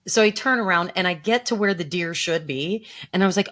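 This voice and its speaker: A woman's voice: on the low side, fairly quick. A middle-aged woman co-hosting a podcast, telling a story in casual chat and acting out her own upset voice. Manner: animated storytelling, acts out her own distressed quotes. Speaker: podcast co-host.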